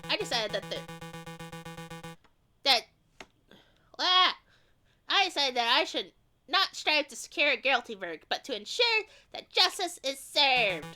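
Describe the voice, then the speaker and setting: A woman voicing a principled veteran male prosecutor who speaks in a measured, reflective way. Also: sits high, bright, forceful tone, heavily acted.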